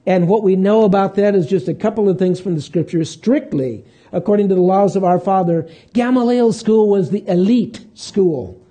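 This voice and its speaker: A man preaching a sermon in a conversational way, pausing and restarting as he walks through scripture. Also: sits high, dark tone. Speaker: pastor.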